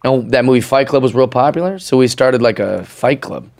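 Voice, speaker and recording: Animated storytelling man on a podcast. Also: mid-range voice, brisk, gravelly, slight background noise. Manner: animated storyteller, laughs at his own stories. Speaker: podcast guest, comedian. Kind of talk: casual storytelling chat.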